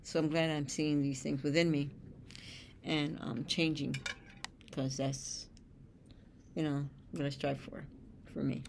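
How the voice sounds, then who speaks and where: A woman's voice: low voice, little pitch movement, unhurried, vocal fry, long pauses, darkish tone, slight background noise. A woman hosting a spiritual show, reading oracle cards aloud and breaking off into blunt, streetwise asides with casual swearing. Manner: blunt, streetwise, swears freely, reads card texts aloud.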